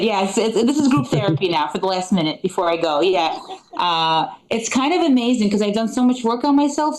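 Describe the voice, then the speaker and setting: A woman's voice: medium pitch, darkish tone, rough recording. A middle-aged woman from Eastern Europe performing a live stand-up set, rambling and chatty with lots of fillers and dry asides. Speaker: stand-up comedian. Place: comedy club stage.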